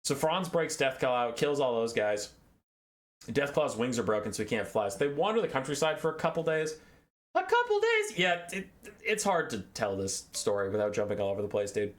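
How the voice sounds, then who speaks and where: A man giving a casual video game lore recap as host, irreverent and profane, wandering off topic, with big swings in pitch. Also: animated, fairly quick.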